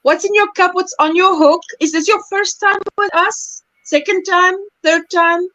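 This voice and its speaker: A woman's voice: very high-pitched, fairly even intonation, a little slow, pushed and bright, no echo, poor audio. A woman hosting a crochet livestream, chatting casually, laughing often and reading viewer comments aloud. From South Africa.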